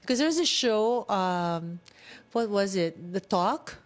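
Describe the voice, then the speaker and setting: A woman's voice: medium pitch, expressive, slow pace. A woman who works as a skin doctor, explaining treatments plainly in a casual radio chat.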